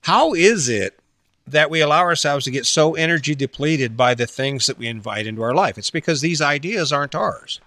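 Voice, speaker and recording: A man's voice: on the high side, lively intonation, moderate pace, sharp tone, no echo, studio quality. A man giving a casual motivational talk, blunt and full of rhetorical questions, with some swearing and mocking quoted voices.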